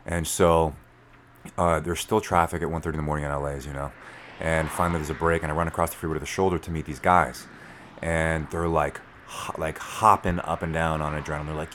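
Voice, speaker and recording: A man, telling a story as a podcast guest in an animated way, full of fillers. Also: a bass voice, fairly quick, slight background noise. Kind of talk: storytelling in conversation.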